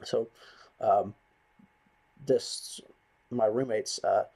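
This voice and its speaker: A man's voice: on the low side, fairly even intonation, very slow, gravelly, mellow. A man vlogging a bitter, rambling, profane rant to the camera. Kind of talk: ranting monologue to camera.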